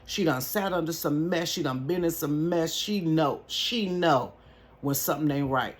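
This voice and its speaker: A woman tells a personal story to camera from her bedroom. She is animated and folksy and talks straight to her viewers. There is a faint hum of room ambience behind her. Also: deep voice, normal speed. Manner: animated, folksy, addresses viewers as y'all and honey. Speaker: vlogger. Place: home bedroom. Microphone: camera at close range.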